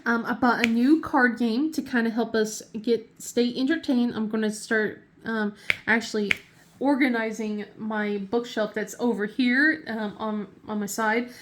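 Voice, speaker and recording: A woman's voice: fairly high pitch, fairly even intonation, unhurried, noisy background. A woman in her thirties hosting a casual crafting chat from her home desk, giggly and chatty with many fillers and restarts. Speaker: craft channel host.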